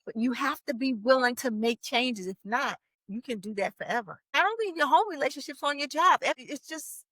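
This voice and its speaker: A woman's voice: sits high, animated, fairly quick, fairly bright tone, no room sound. A woman talking as a marriage coach on a podcast, explaining earnestly. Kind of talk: podcast conversation.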